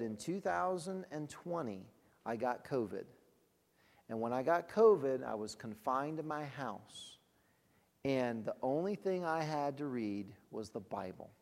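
A man's voice: mid-range voice, creaky, a little mellow, long reverb tail. A man leading a ministry, telling testimony stories in a conversational way, with frequent restarts and laughter. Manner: conversational storytelling, halting restarts, laughs often. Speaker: ministry leader.

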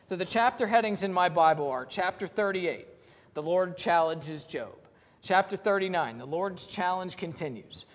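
A man preaching in an easygoing, plain-spoken manner. He reads scripture aloud slowly and talks with his listeners as if chatting. His slightly higher voice carries a long reverb off the walls. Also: expressive. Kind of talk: sermon.

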